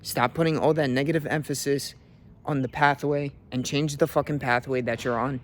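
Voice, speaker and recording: A man's voice: mid-range voice, fairly even intonation, normal speed. A young man, a fitness coach, giving a brash, profane motivational rant from his car.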